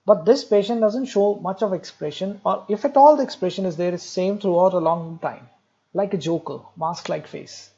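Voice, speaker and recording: A man's voice: high-pitched, normal speed, gravelly, mellow, lo-fi sound. A man giving a medical lecture, explaining step by step, repeating key terms and speaking directly to students with light jokes. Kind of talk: recorded exam-prep lecture.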